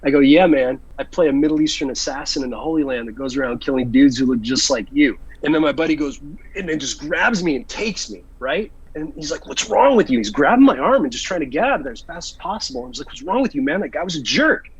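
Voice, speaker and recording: A man tells an animated anecdote in a casual interview, restarting his sentences and acting out what people said. His voice is a bit husky, and the recording sounds dull and lo-fi. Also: medium pitch, fast talker. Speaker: actor and interview guest.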